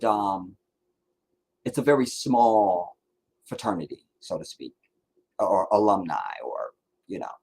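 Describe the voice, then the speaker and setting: A man's voice: mid-range voice, a little mellow. A man hosting a casual livestream, ranting and rambling with heavy profanity. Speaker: livestream host.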